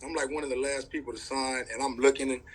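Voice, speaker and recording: A man from California in his thirties, a former college running back, casually telling a podcast host a story and lively acting out the voices in it. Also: fast, breathy edge, rough recording. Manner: animated, acts out quoted voices with big pitch jumps.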